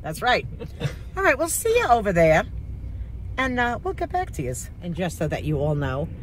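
A woman's voice: on the low side, huge pitch swings, normal speed, slight background noise, rough recording. A middle-aged woman chatting casually in her own vlog, practical and self-mocking. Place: car and casino.

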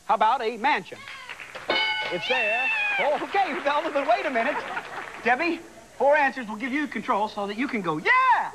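A man hosting a television game show, bantering and teasing contestants in a lively way. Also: very high-pitched, moderate pace, over loud music. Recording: old broadcast tape with loud audience and noise. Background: loud studio audience.

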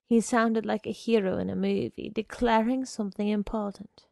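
A woman reading a short story aloud in a measured, unhurried way. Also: mid-range voice, steady tone, creaky, warm tone, no echo. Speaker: reader.

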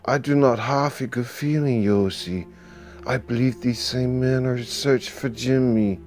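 A man voicing a young Dutch woman who speaks calmly, with stiff, formal phrasing. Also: lowish voice, measured pace, soft background music, lightly acted. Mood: grave.

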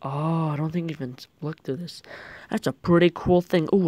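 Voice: mid-range voice, moderate pace. A young gaming video creator giving rambling, jokey gameplay commentary.

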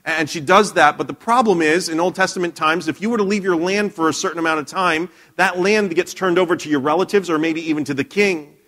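Conversational preacher man, slightly high voice. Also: a little fast, few pauses, bright, forceful tone. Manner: conversational storytelling, frequent restarts; asks the congregation questions. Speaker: pastor. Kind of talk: sermon. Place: church.

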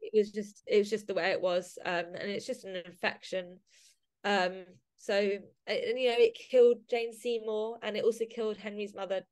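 A woman's voice: medium pitch, level tone, normal speed, a little mellow. A woman guest on a casual podcast interview, talking emotionally with many fillers and restarts. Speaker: podcast guest, society member.

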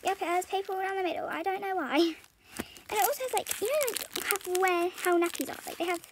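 A teenage British girl with a very high voice talks softly and rambles in a casual vlog, breaking into little giggles. Loud crinkling and rustling of packaging sits clearly behind her words. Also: fast, noisy background. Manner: soft-spoken, rambling and giggly. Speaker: vlogger. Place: bedroom floor strewn with stationery.

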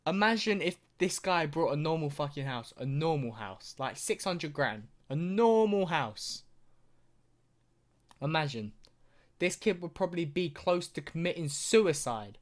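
A man's voice: on the high side, animated, a little slow. A young man ranting through a reaction video, swearing constantly and mocking what he sees.

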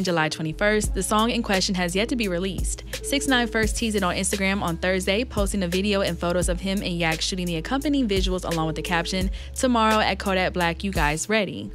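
A woman reads entertainment news as a scripted voice-over, brisk and upbeat. She moves through the script at a rapid clip. Faint music plays underneath her. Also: mid-range voice. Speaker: news video host.

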